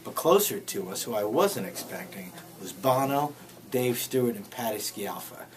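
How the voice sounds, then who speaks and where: A man's voice: medium pitch, animated, normal speed, poor audio. A man from New Jersey telling a personal story in a wry, self-mocking way. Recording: handheld camera with loud vehicle noise.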